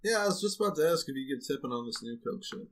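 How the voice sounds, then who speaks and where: A man co-hosting a podcast, joking around in a loud, playful way. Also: on the high side, lively intonation, racing. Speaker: podcast co-host. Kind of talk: casual chat.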